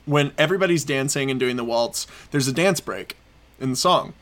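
A man co-hosting a podcast, telling stories in a casual, excitable, rambling way with lots of fillers. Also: medium pitch, a little fast. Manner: excited, rambling storytelling with frequent fillers and laughs. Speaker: podcast co-host. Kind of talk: casual chat.

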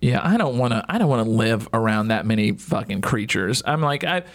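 A man's voice: medium pitch, sing-song, brisk. Chatty, joking male radio host. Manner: joking, swears freely. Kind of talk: casual radio chat.

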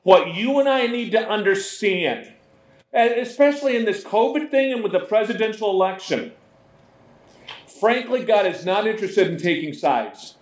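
Male pastor preaching, chatty and animated, fairly high voice, roomy echo. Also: moderate pace. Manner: conversational, animated, mimics voices. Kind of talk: sermon.

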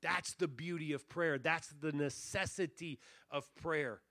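Pastor at a revival, man with a higher, sharp, ringing voice, dry close sound, earnest preaching that dips quiet then swells. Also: measured pace, no echo. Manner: earnest preaching, drops to near-hush then swells on key phrases. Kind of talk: revival sermon. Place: church revival service.

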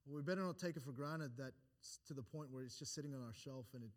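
At a quick pace and medium pitch, a pastor delivers a sermon in church. Scripture comes in antiquated wording, his points rise in emphasis, and he frequently restarts phrases and repeats words between them.

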